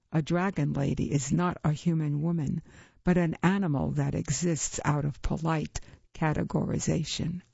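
A woman reads a story aloud, slow and measured, her voice gravelly and husky with a mellow, dark tone. The recording is dry and close but dull and lo-fi. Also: low voice, no echo. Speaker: narrator. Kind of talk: audiobook reading.

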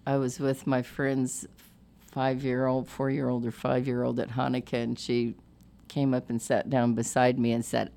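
A woman with a strikingly deep voice hosts a relaxed talk show. She keeps the conversation moving with friendly, chatty questions. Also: moderate pace, gravelly. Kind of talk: casual interview chat.

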